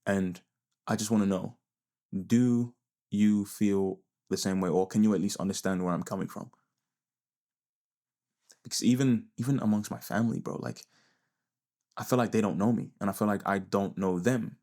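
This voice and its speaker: A man's voice: on the low side, normal speed, long pauses, mellow. A young man vlogging a hesitant, rambling reflective monologue, often trailing off and repeating himself.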